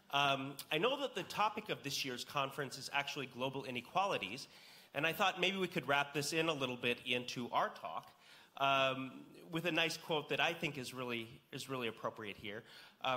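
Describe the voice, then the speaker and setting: An American man with a bright, forward voice leads a panel discussion. He sets up topics in a relaxed, conversational way, with frequent ums between thoughts. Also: mid-range voice. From United States. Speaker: panel moderator.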